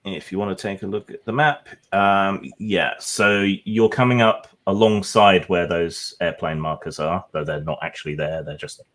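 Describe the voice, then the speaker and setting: A man with a very low voice runs a tabletop game, setting each scene with slow, descriptive narration. He talks it through with occasional "uh" and "um" fillers. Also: fairly even intonation, fairly bright tone. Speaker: game master.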